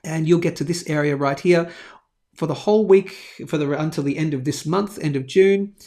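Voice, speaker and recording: A man's voice: a little high, moderate pace, warm tone. A man hosting a live precious metals stream, chatting in a rambling way and reading viewer comments. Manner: chatty, rambling, lots of fillers and asides. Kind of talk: casual live-stream chat and product plug.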